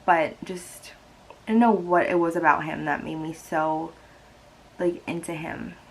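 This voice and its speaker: A vlogger in her twenties tells a personal story in a casual, chatty way, saying "like" a lot and growing emotional and teary at moments. Her voice is low, steady, gravelly and a little slow. The audio is poor, with a little hiss or hum.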